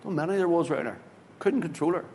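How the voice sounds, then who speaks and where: A man, a pastor telling a story in a sermon, swinging from loud, excited bursts to hushed tones. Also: fast. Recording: hall reverb with faint rumble.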